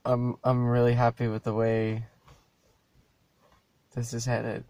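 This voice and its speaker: Dude talking to himself on his podcast, slow, swears, trails off a lot, dead dry room. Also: medium pitch, completely flat delivery, darkish tone, dry recording. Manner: loose, profane, stop-start rambling. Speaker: podcast host. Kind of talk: rambling solo podcast chat.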